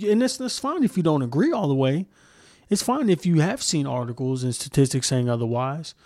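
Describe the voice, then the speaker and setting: A man's voice: a little high, lively intonation, a little fast, darkish tone, dry recording, studio quality. A man hosting a solo podcast, ranting heatedly and with heavy profanity, often restarting sentences as he searches for words. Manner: heated, profane, repeats himself. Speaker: podcast host.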